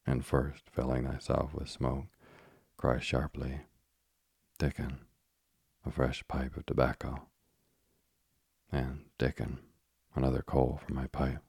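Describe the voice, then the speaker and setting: A man's voice: very deep voice, vocal fry, a little mellow, breathy edge, no room sound, clean studio sound, heavily acted. A man voicing a doting old witch woman in an audiobook, speaking in fond, archaic phrasing.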